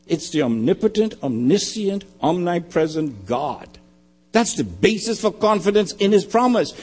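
A man preaching a sermon, emphatic and repetitive, often dropping to a quiet low. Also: sing-song, normal speed, slightly rough. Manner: emphatic, repeating phrases, dropping to quiet lows.

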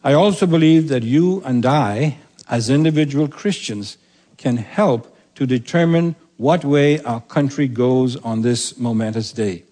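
A man's voice: mid-range voice, dark tone. Earnest man preaching a sermon. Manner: earnest, emphatic preaching, slows to read scripture aloud. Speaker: pastor.

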